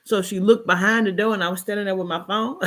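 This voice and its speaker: A woman reading a short story aloud, then telling a personal story in a chatty, expressive way with colloquial asides. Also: medium pitch, fairly quick.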